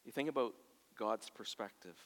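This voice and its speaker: A man preaching a sermon in a church. He moves from soft, near-whispered lines to loud, passionate bursts and acts out quoted voices. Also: lowish voice, moderate pace. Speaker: pastor. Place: church sanctuary. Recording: long hall reverb.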